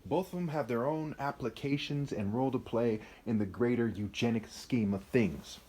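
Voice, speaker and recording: A man's voice: mid-range voice, moderate pace, darkish tone. A man giving a rambling, emphatic unscripted monologue, often tossing in "right?" asides.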